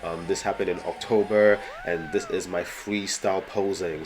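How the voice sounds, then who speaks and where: A man's voice: low-pitched, fairly even intonation, moderate pace, few pauses. A man from Canada with a cold and a congested voice, giving rambling casual voice-over commentary full of fillers. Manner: rambling, many fillers like "you know". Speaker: bodybuilder vlogger.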